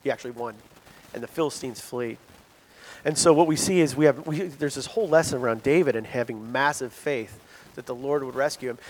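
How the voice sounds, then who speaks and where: A man preaching a sermon in a conversational, animated storytelling manner, in a church hall. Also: mid-range voice. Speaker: pastor. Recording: long hall reverb.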